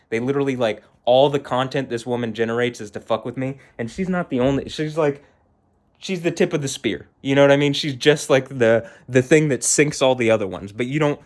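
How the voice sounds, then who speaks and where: A man's voice: medium pitch, fast talker. A man vlogging an agitated, heated rant, shaking with anger and repeating himself. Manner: agitated, heated, repetitive, swearing. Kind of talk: angry personal rant to camera.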